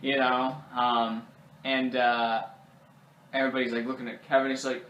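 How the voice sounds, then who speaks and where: A man's voice: mid-range voice, flat delivery, moderate pace, a bit bright, a little hiss or hum. Rambling man recapping a movie, echoey room. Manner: rambling, full of fillers, mimics characters. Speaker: movie reviewer. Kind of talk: casual spoken movie recap. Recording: roomy echo.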